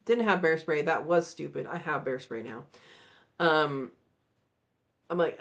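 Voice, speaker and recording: A woman hosting a live chat, telling a story in a casual, animated way and acting out the voices. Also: low-pitched, measured pace. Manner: animated, acts out voices in her stories. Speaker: channel host.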